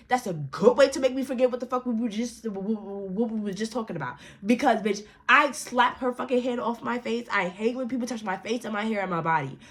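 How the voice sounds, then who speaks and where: A young woman, retelling a story in a casual, animated, profane and slangy way, acting out other people's lines. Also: medium pitch.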